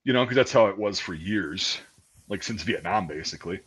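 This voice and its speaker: Man, casual podcast storyteller, very expressive pitch, crude and animated. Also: a little fast, husky. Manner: animated, profane, acts out quotes loudly. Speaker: podcast host telling a story.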